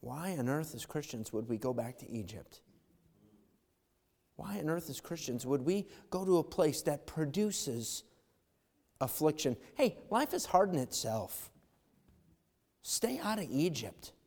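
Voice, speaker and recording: A man preaching a fervent sermon as pastor, swinging from loud calls to quiet asides, in a church. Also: a little high, sing-song, a little slow, creaky, long pauses, long reverb tail.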